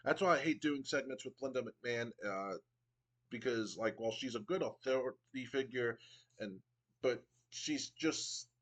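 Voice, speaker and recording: A man's voice: medium pitch, poor audio. A man casually narrating his wrestling game playthrough, rambling with frequent ums and restarts. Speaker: game streamer.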